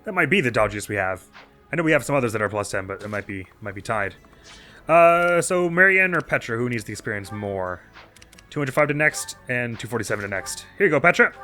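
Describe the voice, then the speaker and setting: A man's voice: mid-range voice, expressive, fairly quick, bright, forceful tone, soft background music. A man casually commenting on his own video game as a let's play host, thinking aloud with chatty, self-mocking asides.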